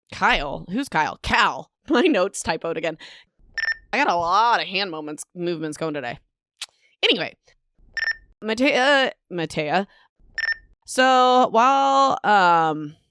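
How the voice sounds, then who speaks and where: A bubbly woman hosts a casual book podcast into a home microphone, with a smooth and clear voice. She laughs at herself and trips over words as she reads. The sound is close and dry, with no room echo. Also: fairly low pitch, a bit bright. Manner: bubbly and self-mocking, stumbles over words while reading. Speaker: podcast host.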